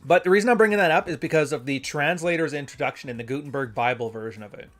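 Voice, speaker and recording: A man's voice: a little high, fast, a bit bright, faint music behind. A man hosting a casual solo show, talking in a loose, rambling way and reading passages aloud. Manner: rambling, conversational, self-correcting. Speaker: podcast host.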